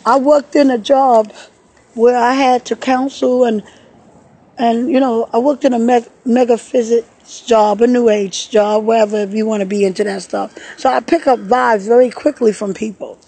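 A woman speaks into a phone camera while sitting in a park, sad and shaken, her delivery halting with repeated words. Her voice sits a little high, with a husky, mellow tone. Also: fairly even intonation, low-quality recording. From New York. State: tearful. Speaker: vlogger. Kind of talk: emotional personal vlog. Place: outdoors in a park.

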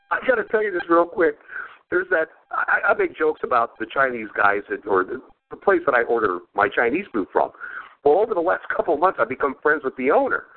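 A man hosting a podcast in casual chat, rambling and crude, laughing often. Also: a little high. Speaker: podcast host. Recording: phone-like lo-fi sound.

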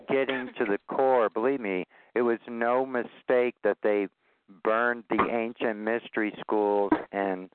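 A man's voice: fairly low pitch, smooth, no echo. A man in his sixties hosting a conference-call talk show, earnest and rambling. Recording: tinny phone line.

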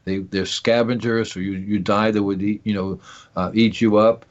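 A man's voice: lowish voice, fairly even intonation, normal speed, dull audio. A man hosting an organic gardening radio show, talking in a rambling, jokey way, asking himself questions and circling back to his points. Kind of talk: casual call-in gardening talk.

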